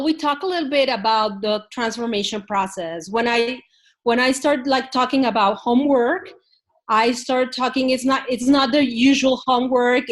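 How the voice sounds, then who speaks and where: A woman on a video call asks a coaching question. Her voice sits a little high. She pauses and restarts often as she finds her words. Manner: hesitant, with fillers and restarts.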